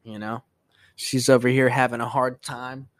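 A man's voice: medium pitch, moderate pace, no echo. Profane, ranting male podcast host. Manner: profane, animated storytelling with ranting bursts. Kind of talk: casual solo podcast monologue.

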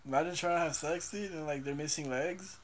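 A man's voice: on the high side, a little fast. A young man co-hosting a podcast in casual chat, rambling and profane, hesitating with lots of fillers. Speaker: podcast co-host.

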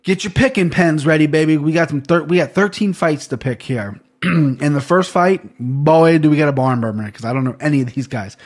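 A man's voice: on the high side, normal speed. Casual, rambling male podcast host. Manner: rambling, swears casually, self-deprecating. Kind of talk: casual sports betting chat.

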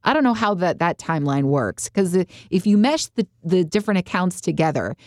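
Low-voiced woman retelling a story. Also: fairly quick, no echo, studio quality. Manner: animated storytelling, acts out quotes. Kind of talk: casual faith discussion.

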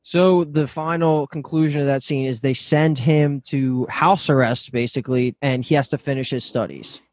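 A man's voice: mid-range voice, steady tone, normal speed, darkish tone, no room sound. A man co-hosting a podcast, explaining story points in casual chat. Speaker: podcast co-host. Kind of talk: casual chat recapping a show.

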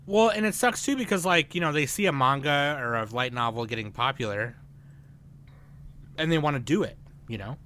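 Ranting man with a bright, forceful voice. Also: on the high side, lively intonation, moderate pace, slight background noise. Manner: ranting, loud, profane, swings between shouting and muttering. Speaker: podcast co-host. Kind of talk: casual chat.

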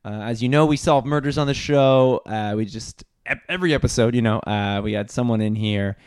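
A man with a mid-pitched voice hosts an improvised comedy podcast. He rambles and stammers, hedging with fillers as he spins comic excuses. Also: fairly quick, darkish tone, clear, resonant tone. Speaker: podcast host.

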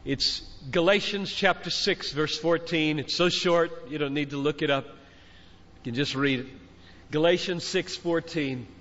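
High-voiced fervent preacher in a big hall. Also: male voice, unhurried, a bit bright. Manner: fervent, exhorting, emphatic repetition. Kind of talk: sermon. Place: large conference hall. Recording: dull recording, long hall reverb.

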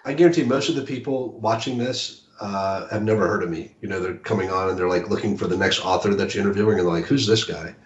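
A male author talking casually as an interview guest, halting with many restarts and fillers. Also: sits low. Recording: echoey room, dull lo-fi audio.

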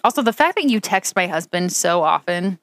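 A woman's voice: lowish voice, animated, brisk, a bit bright, no echo. A young woman co-hosting a podcast, telling a long personal story in casual chat, full of "like". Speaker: podcast co-host.

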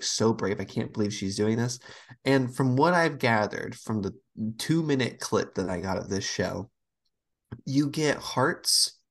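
Animated woman telling stories. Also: extremely low pitch. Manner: animated storyteller, acts out quoted voices. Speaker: podcast co-host. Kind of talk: casual chat.

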